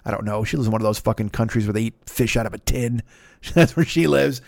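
A man hosting a podcast, doing a comedic ad read in a profane, rambling, animated riffing way. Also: lowish voice, fast, gravelly, no echo, clean studio sound. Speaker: podcast host reading an ad.

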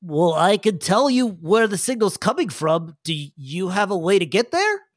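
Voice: mid-range voice, sing-song, moderate pace, dry recording, clean studio sound. A game master plays a helpful technical man. He speaks plainly and matter-of-factly.

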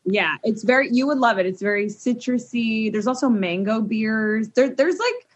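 A woman co-hosting a podcast, animated and enthusiastic in casual chat, laughing often. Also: a little high, normal speed. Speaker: podcast co-host. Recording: dull lo-fi recording.

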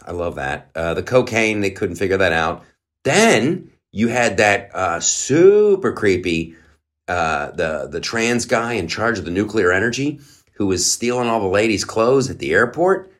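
A man's voice: lowish voice, expressive, a little slow, a bit bright, soft background music. A man hosting a podcast, riffing in a loose comedic monologue full of restarts and mocking asides. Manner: rambling, lots of uh fillers and restarts, mocking. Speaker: podcast host. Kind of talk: casual comedic commentary.

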